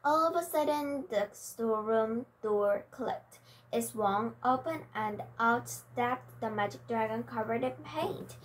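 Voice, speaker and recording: A woman reads a children's storybook aloud at a slow, careful pace. Her voice sits fairly high, and she corrects small slips as she goes. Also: low-quality recording. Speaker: reader.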